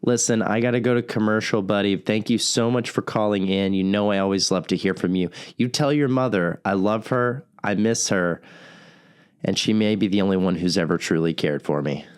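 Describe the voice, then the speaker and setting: A man's voice: on the low side, moderate pace, clear, resonant tone, close to an everyday voice. A man playing a broke, lonely radio host who jokes wryly at his own expense during a comedic call-in show. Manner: self-deprecating, wry. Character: broke, self-pitying single male radio host.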